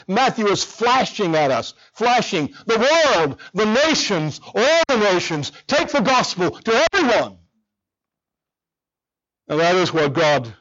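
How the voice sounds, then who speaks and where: Lively male pastor preaching, lo-fi. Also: sits high. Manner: animated, conversational preaching with quiet earnest stretches. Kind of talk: sermon. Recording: dull lo-fi recording.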